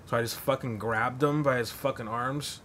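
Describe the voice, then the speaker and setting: A man's voice: mid-range voice, steady tone, moderate pace, a bit bright, a little hiss or hum. A man hosting a podcast, telling a long story in a rambling, profane way full of fillers. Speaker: podcast host. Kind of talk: casual storytelling.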